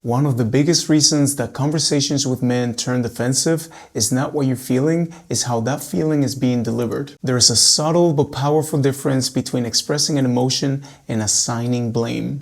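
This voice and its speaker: A man working as a relationship coach, speaking calmly and steadily straight to his women viewers, just back from an illness that cost him his voice. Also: mid-range voice, vocal fry. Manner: calm, measured, addressing women viewers directly. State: recently recovered from losing his voice. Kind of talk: direct-to-camera advice talk.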